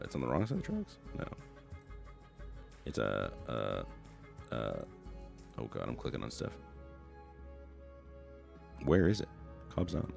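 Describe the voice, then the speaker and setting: Streaming an old online game, a man reads its text aloud with wry, playful remarks, doing funny voices for the quotes. His bass voice is creaky and a little mellow.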